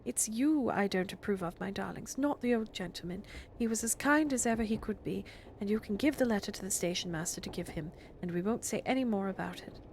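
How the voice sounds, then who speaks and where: A woman voicing a gentle mother, speaking in a soft, hushed, tender way in a storybook reading. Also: medium pitch, a little fast, slight background noise, natural voice. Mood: firm. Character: gentle loving mother of three.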